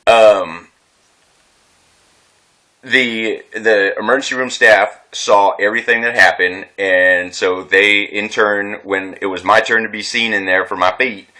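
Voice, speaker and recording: Agitated rambling man, bright voice. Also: lowish voice, steady tone, a little slow. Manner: rambling, agitated, swearing, many restarts. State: distressed. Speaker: veteran telling his story. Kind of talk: unscripted personal vlog.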